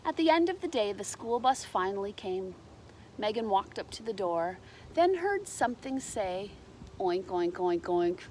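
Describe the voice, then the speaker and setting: A woman reading a children's picture book aloud with lively, animated delivery. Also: a little high, normal speed, a little hiss or hum. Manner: animated, shouts character lines, explains to children. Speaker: storybook reader. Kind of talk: children's storybook read-aloud.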